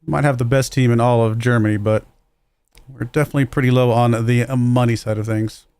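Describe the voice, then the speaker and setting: A man's voice: mid-range voice, fairly even intonation, fairly quick, a little mellow, smooth, dry recording. Man, casual game commentary, self-deprecating, dry close mic. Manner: musing aloud, self-deprecating, chuckles at own mistakes. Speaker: streamer playing a football management game.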